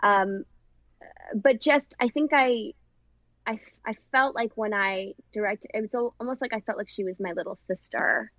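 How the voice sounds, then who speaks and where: A woman filmmaker and actress speaking in a casual interview, rambling and warm with many restarts. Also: mid-range voice, moderate pace, no echo, rough recording. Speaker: film director and actress.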